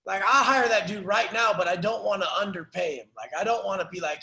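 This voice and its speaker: Brief: very high-voiced male life coach, profane intense rants, echoey room. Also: fast, hardly any pauses, pushed and bright. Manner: intense, profane, preachy motivational ranting. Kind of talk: coaching call rant.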